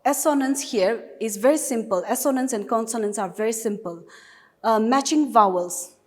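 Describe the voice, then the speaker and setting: A woman with a Nagaland accent teaches an English lesson at a steady classroom pace. Her voice sits a bit high, and she explains each point patiently with repeated examples. A long reverb trails her words. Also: moderate pace.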